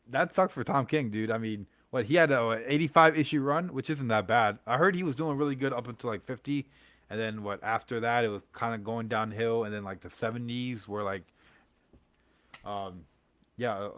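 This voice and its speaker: A man's voice: medium pitch, a bit bright, dry recording. A young man hosting a comics livestream, rambling in casual chat with lots of fillers, slang and laughs.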